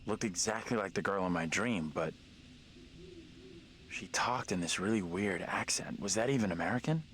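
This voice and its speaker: A low, shaken young man. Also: moderate pace, fairly bright tone, slight background noise. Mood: uneasy. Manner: subdued, uneasy.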